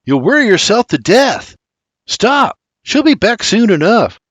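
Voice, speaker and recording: A man's voice: sits high, big pitch swings, a little slow, fairly bright tone, slightly rough, dry recording, voice pushed up, full character voice. A man voicing a sarcastic young son with a whiny, mocking brogue, in an audiobook. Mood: cheeky.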